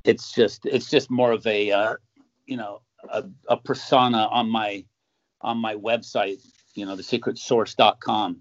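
A man, a magician guest in a casual interview, telling stories and acting out accusing voices with sudden loud jumps. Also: fairly low pitch, level tone, a little slow. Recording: dull, muffled sound.

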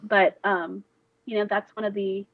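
A woman at a mid pitch chats casually and rambles through her stories, with "like" all over her talk. The sound is dull and muffled with no room echo. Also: level tone, unhurried. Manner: rambling storyteller, says "like" a lot. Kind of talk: casual chat. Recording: dull dry recording.

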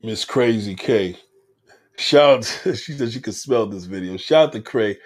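A man hosting a livestream, reading chat comments aloud and mocking them in a loud, profane rant. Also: fairly low pitch, normal speed. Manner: loud, animated, heckling and mocking. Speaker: livestream host.

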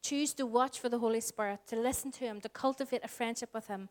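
A woman's voice: a little high, steady tone, quick pace, hardly any pauses. Northern Irish woman pastor preaching. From Northern Ireland. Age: 40s. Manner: earnest, varies pace, drops to soft whispers for emphasis. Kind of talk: sermon.

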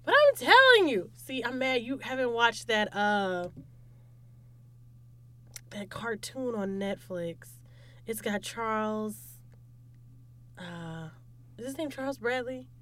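A young woman chatting casually as a podcast co-host, lively and acting out quotes. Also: a little high, slow pace, long pauses. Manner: animated, acts out quotes in loud voices. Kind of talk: casual chat.

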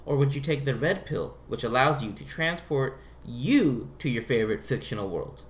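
A man hosting a casual group podcast chat, lively, laughing often and swearing casually. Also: medium pitch, moderate pace. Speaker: host.

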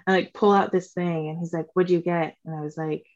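Animated young woman telling a story. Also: on the low side, fairly quick, lo-fi sound. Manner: animated, acts out quotes, swears, says "like" often. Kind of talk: casual storytelling chat.

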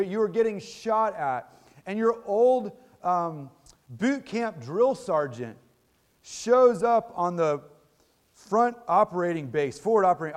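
A middle-aged man preaching a sermon in a conversational teaching manner, often restarting phrases and checking in with tag questions. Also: sits high. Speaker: pastor.

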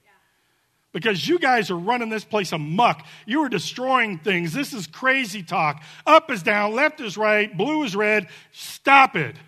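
Fiery, emphatic pastor preaching. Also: male voice, high-pitched, lively intonation, a little slow. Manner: fiery and emphatic, building to shouts then dropping soft. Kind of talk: sermon.

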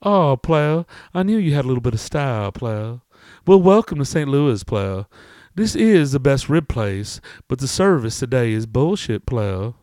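A man's voice: medium pitch, big pitch swings, moderate pace, darkish tone, dry recording, studio quality, lightly acted. A man voicing a skinny, dapper customer at a barbecue joint who is brash and mouthy and calls everyone player. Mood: nosy, chatty.

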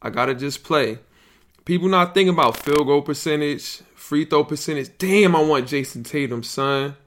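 A podcast host reacting live to a fantasy draft, excitable, yelling and laughing. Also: male voice, fairly high pitch, moderate pace, a little hiss or hum.

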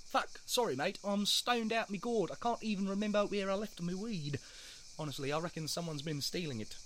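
A man's voice: high-pitched, a little fast, a bit bright, slight background noise. A man voicing a stoned, paranoid male caterpillar with an Australian accent, rambling, swearing and forgetting himself. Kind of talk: animated comedy voice acting.

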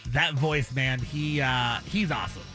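A man's voice: medium pitch, a little slow, music in the background. A man co-hosting a sports radio show, chatting enthusiastically and rambling with lots of fillers. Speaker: radio co-host. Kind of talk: casual sports radio chat.

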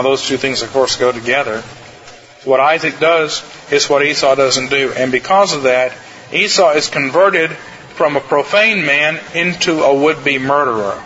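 Bright-voiced male pastor preaching. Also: fairly high pitch, lo-fi sound. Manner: earnest, emphatic, shifting between slow stresses and quick asides. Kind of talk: sermon.

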